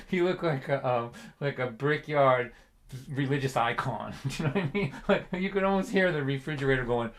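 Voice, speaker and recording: A man telling a comic story to a livestream audience, rambling along, chuckling and checking in with his listeners. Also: mid-range voice. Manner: rambling, chuckling, asks "you know what I mean". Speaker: folk singer and storyteller.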